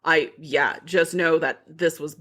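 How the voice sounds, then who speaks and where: A woman's voice: deep voice, steady tone, measured pace, a bit bright. A woman podcast host recapping a book in casual chat, frank and profane.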